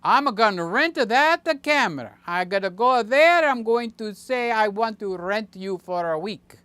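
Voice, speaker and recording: An eager teenage boy with big film dreams talks in a raised, bouncy voice, as an older man puts him on. The voice sits a little higher and louder than the man's own speech. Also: expressive, a little slow, clean tone, no room sound, heavily acted. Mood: excited.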